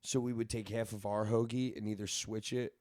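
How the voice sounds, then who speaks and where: A man's voice: on the low side, flat delivery, a little fast, mellow, no echo, studio quality. A young man co-hosting a podcast, trading laid-back stories in casual chat and laughing along. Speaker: podcast co-host. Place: podcast studio. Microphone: studio microphone.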